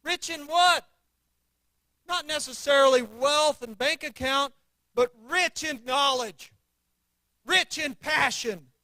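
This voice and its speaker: High-voiced, unhurried church teacher. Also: male voice, bright, forceful tone, dry recording, low-quality recording. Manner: earnest, repeats declarations with conviction. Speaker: adult Sunday class teacher.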